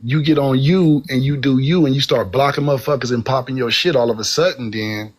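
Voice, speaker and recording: A man's voice: medium pitch, fairly quick. Laid-back man. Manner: laid-back, loose and profane. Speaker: guest on a live stream. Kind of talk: casual live stream chat.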